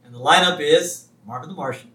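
A man's voice: on the high side, a little fast, roomy sound, recorded from a distance, poor audio. A man co-hosting a casual podcast, retelling scenes with lots of laughter and quoted lines. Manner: laughs often, animated retelling with put-on quotes. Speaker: podcast co-host. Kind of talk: casual chat recapping a TV episode.

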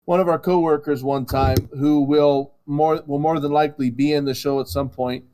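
A man's voice: on the high side, fairly even intonation, moderate pace, dark tone. A man with a slightly raised voice chats casually among friends on a podcast. He tells an anecdote from work, exclaiming often. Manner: storytelling, exclaims "oh my goodness". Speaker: podcast co-host. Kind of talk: casual group chat.

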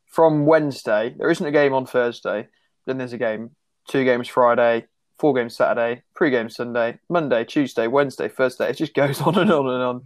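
A man's voice: medium pitch, moderate pace, no room sound. A man co-hosting a podcast, rambling and wry with enthusiasm. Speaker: podcast co-host. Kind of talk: casual chat.

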